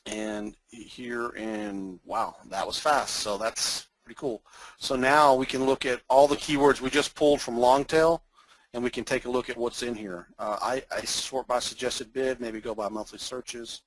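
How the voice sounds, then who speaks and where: A man with a North Texas accent giving a casual, rambling screen-share demo of software as a webinar presenter. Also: mid-range voice, steady tone, unhurried, dry recording, low-quality recording. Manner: folksy, rambling, chuckles often.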